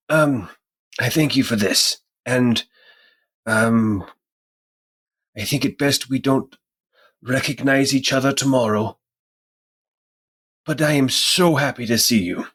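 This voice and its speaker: Husky guy playing a dad in a tabletop game, earnest and soft. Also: mid-range voice. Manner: earnest, tender, slow. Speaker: player voicing a father. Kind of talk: tabletop role-play.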